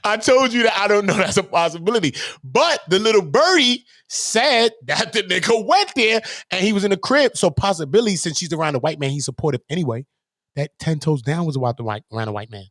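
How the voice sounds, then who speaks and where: A man's voice: high voice, expressive, brisk, a bit bright, no echo, clean studio sound. A man hosting his own channel, ranting in a confrontational, profane way and firing off rhetorical questions. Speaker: channel host. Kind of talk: heated livestream rant.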